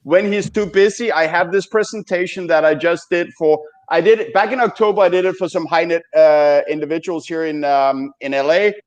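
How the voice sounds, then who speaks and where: Man, Danish accent, podcast host, hesitant with fillers, slightly raised pitch. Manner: halting, with many fillers and restarts. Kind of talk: casual podcast chat.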